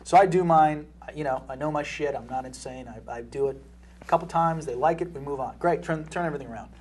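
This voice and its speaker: A man's voice: on the high side, fast talker, breathy edge. A young man, an actor, telling a blunt, swear-heavy anecdote in casual chat. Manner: blunt, swears freely, animated storytelling. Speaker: actor guest.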